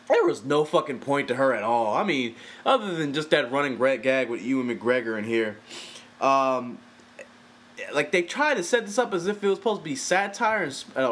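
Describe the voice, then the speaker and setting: A man's voice: mid-range voice, a bit bright. A man giving a casual, profane, exasperated film review, talking animatedly and swearing freely.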